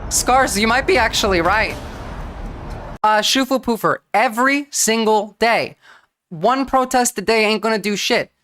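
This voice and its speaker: A woman's slightly bright voice on the high side carries her casual livestream political commentary. The New Jersey streamer is blunt and swears, talking fast in bursts and restarting often.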